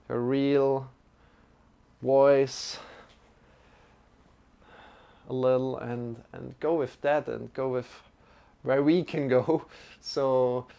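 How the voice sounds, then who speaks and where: A man leading a live-streamed yoga and meditation class, giving gentle, encouraging cues and chatting with viewers between them. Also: mid-range voice, vocal fry, clear, resonant tone, dull audio. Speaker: yoga teacher.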